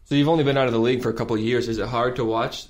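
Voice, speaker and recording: A man's voice: mid-range voice, fairly even intonation, rapid-fire. A man co-hosting a podcast, talking eagerly and a little ramblingly about hockey. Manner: eager, rambling sports talk. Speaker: podcast co-host. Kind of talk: casual podcast chat.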